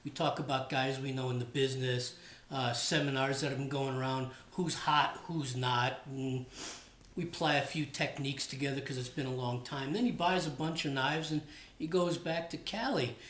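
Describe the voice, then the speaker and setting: A man's voice: medium pitch, moderate pace, a bit bright. A man hosting his own cooking channel, chatty and friendly, talking while he cooks in a home kitchen. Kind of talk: casual cooking vlog. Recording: echoey room.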